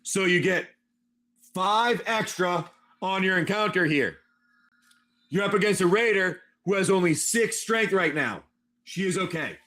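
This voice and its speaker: High-voiced excitable male game master. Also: a little slow. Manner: animated, excitable storytelling. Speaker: live stream host and game master. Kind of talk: casual chat and tabletop game narration.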